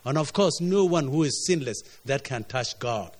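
A man preaching a sermon in a voice of middling pitch. He keeps stopping to ask "you see?" and repeats words as he restarts, his phrases swinging from raised and emphatic down to quiet and low. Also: animated, normal speed.

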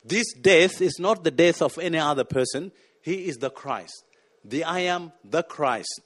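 A man's voice: on the high side, expressive, a little slow. A man preaching a sermon, emphatic and repeating words as he searches for them.

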